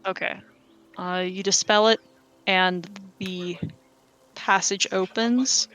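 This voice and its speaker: A woman runs a tabletop game, her voice bright and clear. She chats along loosely, laughs often and counts up dice totals aloud. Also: medium pitch, steady tone, takes it slowly, faint music behind. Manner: chatty, adds sums aloud, laughs often. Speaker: game master. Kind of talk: running a tabletop game over voice chat.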